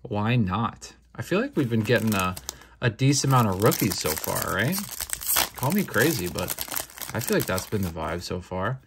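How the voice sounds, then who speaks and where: A young man hosting a casual card-opening video, talking in a laid-back, slangy way with quick bursts of excitement. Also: lowish voice, background noise. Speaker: card-opening channel host. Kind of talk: casual unboxing commentary.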